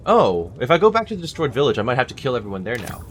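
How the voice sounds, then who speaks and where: A man's voice: mid-range voice, very animated, very fast, slight background noise. Wry man muttering through gameplay. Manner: wry, muttered asides to himself. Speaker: gameplay video host. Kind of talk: casual gameplay commentary. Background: game music.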